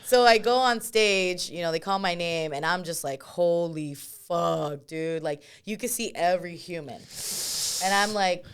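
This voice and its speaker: Profane, animated young woman telling stories. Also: on the low side, moderate pace, clean tone. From California. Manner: animated, profane, laughs often, acts out quotes. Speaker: comedian and podcast guest. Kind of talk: casual storytelling chat.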